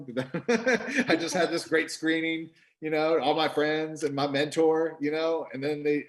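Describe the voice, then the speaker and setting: A film director on a video call, telling stories in an animated way, acting out quotes with many restarts. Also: male voice, a little high. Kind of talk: interview storytelling.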